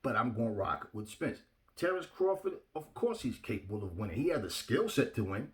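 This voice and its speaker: A man's voice: medium pitch, very animated, a little fast. Man, casual fight commentator, mid-range voice, blunt and emphatic, talks right at his audience. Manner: blunt, emphatic, repeats himself, addresses viewers directly. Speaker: boxing commentator. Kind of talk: casual opinion talk to viewers.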